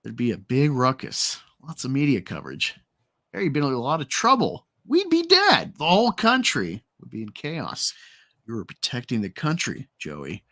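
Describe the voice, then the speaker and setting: A man's voice: medium pitch, huge pitch swings, normal speed, fairly bright tone, no echo, clean studio sound. Man putting on a crude, coaxing crook. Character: crooked man justifying murder to his simple partner.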